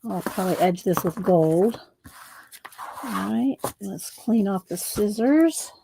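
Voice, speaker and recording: A woman's voice: mid-range voice, animated, takes it slowly, creaky, background noise. A woman hosting a casual crafting livestream, chatting with viewers by name as she works. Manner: chatty, many fillers and restarts, talks to viewers by name.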